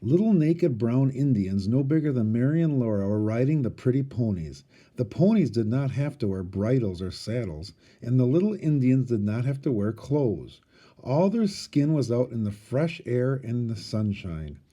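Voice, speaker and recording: A man, a teacher, reading a storybook aloud with expressive storytelling. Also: medium pitch, moderate pace.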